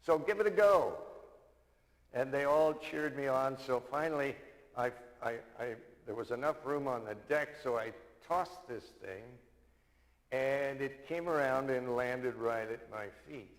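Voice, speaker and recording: A man's voice: medium pitch, measured pace. Older male minister in a reverberant hall. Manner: storytelling, repeats key lines for emphasis. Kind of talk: sermon.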